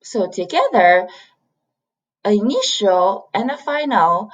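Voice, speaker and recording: Slow, patient woman teaching Chinese. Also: mid-range voice, expressive, fairly bright tone, muffled recording. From China. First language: Mandarin Chinese. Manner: slow, patient, demonstrates sounds by repeating them. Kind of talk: online language lesson.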